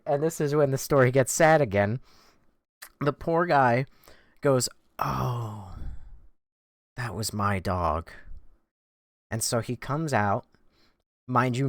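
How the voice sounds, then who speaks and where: Slow, self-mocking young streamer man. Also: medium pitch, expressive, clean tone, no echo, clean studio sound. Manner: rambling, self-mocking, swears freely, laughs between lines. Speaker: game streamer. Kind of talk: casual live-stream storytelling.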